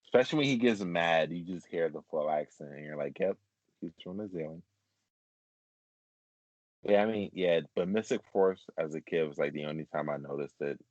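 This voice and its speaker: Male host, very deep, rambling casual chat, lo-fi dull recording. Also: expressive, fairly quick, few pauses, a little mellow, dry recording. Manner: rambling, filler-heavy, laughs often. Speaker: podcast host.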